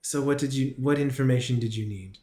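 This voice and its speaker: A man voicing a seductive, scheming woman who runs a brothel, speaking in a smooth, suggestive, businesslike way, recorded in a roomy echo. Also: mid-range voice, brisk, warm tone, lightly acted.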